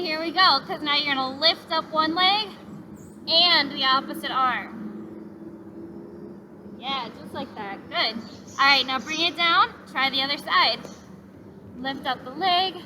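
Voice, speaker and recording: High-voiced woman leading a yoga class. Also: noisy background. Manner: gentle, encouraging, cueing breaths. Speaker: yoga instructor. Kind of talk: guided yoga class instruction. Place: outdoors in a park.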